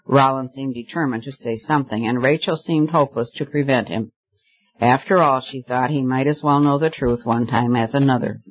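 Casting: male audiobook narrator, steady even delivery, middle pitch, slightly dull lo-fi recording. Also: moderate pace. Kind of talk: scripted narration.

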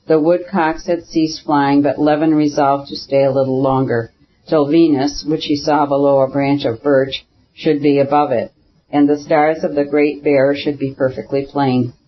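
A man with a slightly raised voice reads a classic novel aloud at a measured, even pace. The recording sounds dull and lo-fi, with the top end rolled off. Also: on the high side. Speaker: audiobook narrator. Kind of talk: scripted narration of a classic novel.

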